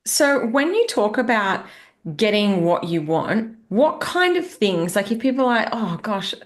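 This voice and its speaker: A woman hosting a podcast, asking questions slowly and laughing easily. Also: mid-range voice, big pitch swings. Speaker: podcast host. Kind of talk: podcast interview.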